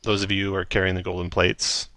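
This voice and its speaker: A man narrating as game master of a tabletop game, relaxed and hesitant with frequent ums. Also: sits low, quick pace, a loud crowd.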